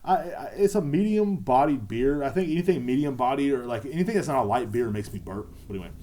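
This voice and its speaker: Profane man rambling, dark voice. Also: medium pitch, animated, fast. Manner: profane, repetitive, laid-back. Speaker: podcast host. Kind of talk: casual rambling monologue.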